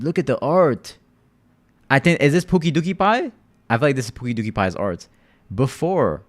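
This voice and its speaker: Lively laid-back male streamer. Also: medium pitch, moderate pace. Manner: laid-back, rambling, addresses chat directly. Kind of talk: casual live-stream chat with viewers.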